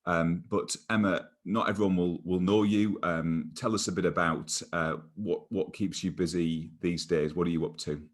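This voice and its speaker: A man's voice: low-pitched, fairly even intonation, moderate pace, few pauses. A man hosting a church interview online, speaking hesitantly with many ums and restarts.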